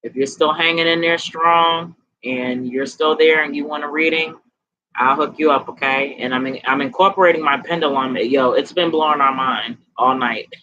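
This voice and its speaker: A woman giving tarot readings on a casual live stream, chatting in a relaxed, slangy way, tired and sweaty. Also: low voice, dull audio. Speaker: tarot reader.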